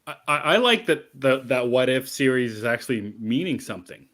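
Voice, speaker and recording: A man chats casually as co-host of a pop-culture podcast. He rambles, restarting his sentences often, at an ordinary mid pitch. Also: lively intonation, fairly quick, fairly bright tone. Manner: rambling, many restarts and fillers. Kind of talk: casual chat.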